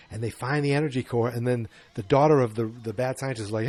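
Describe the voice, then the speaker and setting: A man's voice: mid-range voice, fast talker, a little mellow. A man hosting a podcast who recaps a film in a rambling, casual way, with sarcastic and self-deprecating asides. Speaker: podcast host.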